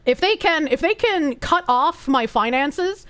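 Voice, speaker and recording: A woman's voice: sits high, lively intonation, a little slow, a bit bright. A woman streamer chatting casually and reading viewer messages aloud, blunt, swearing a lot and laughing often.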